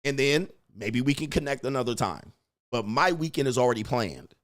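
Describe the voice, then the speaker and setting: A man's voice: expressive, normal speed, fairly bright tone. Blunt, emphatic man coaching on dating. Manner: blunt, emphatic, swears freely; acts out quoted lines with rising pitch. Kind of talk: casual monologue.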